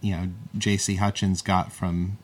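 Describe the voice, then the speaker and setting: Man, podcast co-host, lowish voice, rambling and joking. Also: flat delivery, a little slow. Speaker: guest co-host. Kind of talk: casual podcast chat.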